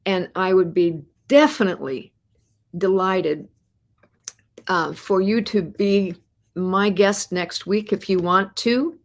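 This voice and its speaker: An encouraging woman hosts a live money podcast in a medium-pitched voice. She speaks straight to her viewers and asks them question after question. She often repeats words and restarts her phrases as she goes. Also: takes it slowly. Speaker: host.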